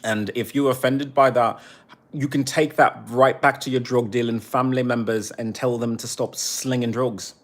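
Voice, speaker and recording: A man's voice: medium pitch, steady tone, moderate pace. A man streaming live, ranting in a heated, profane way and turning sarcastic as he reads the chat. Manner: sarcastic when reading chat. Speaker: livestreamer. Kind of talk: angry livestream rant.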